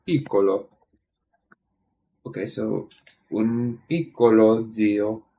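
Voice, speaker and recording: A man thinking aloud while studying, hesitant and questioning himself, often trailing off into a quiet mutter. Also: fairly low pitch, slow. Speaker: streamer studying Italian.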